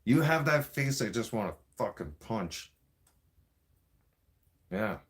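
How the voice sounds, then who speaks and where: A man's voice: medium pitch, very animated, takes it slowly, fairly bright tone. A Canadian man delivering an angry, profane political rant in a vlog. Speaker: vlogger.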